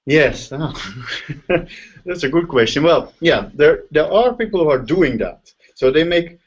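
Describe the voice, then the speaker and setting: A man's voice: a little high, lively intonation, measured pace, slightly rough. A man with a Dutch accent, a linguistics professor who explains ideas step by step over a video call and often checks in with "right?". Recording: dull lo-fi video call audio.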